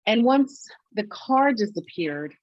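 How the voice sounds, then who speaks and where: A woman guest on a podcast, telling her story in a halting way, full of restarts and quoted self-talk. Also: fairly high pitch, sing-song, no echo. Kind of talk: conversational storytelling. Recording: dull, lo-fi dry sound.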